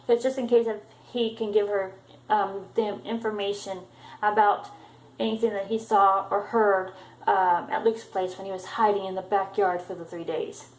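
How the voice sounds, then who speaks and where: A woman's voice: medium pitch, steady tone, normal speed. Woman recapping a book in an echoey room. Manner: loose retelling, many ums and restarts. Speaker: book vlogger. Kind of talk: casual chapter recap.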